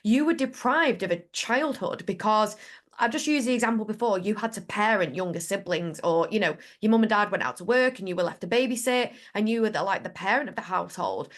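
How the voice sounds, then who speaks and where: A woman's voice: mid-range voice, brisk. A woman hosts a casual podcast, chatting in a playful, upbeat way. Her speech runs loose and conversational, packed with "like" and "you know". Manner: chatty, playful, many "like" fillers. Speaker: podcast host.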